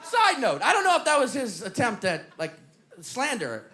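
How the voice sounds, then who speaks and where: A male stand-up comedian telling an animated, punchy story on a comedy club stage. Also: very high voice, moderate pace, a faint crowd, slight background noise.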